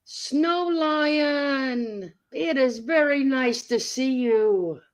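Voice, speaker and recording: A woman's voice: high-pitched, extremely slow, poor audio. A woman hosting a casual livestream, blunt and salty, greeting viewers by name. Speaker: livestream host.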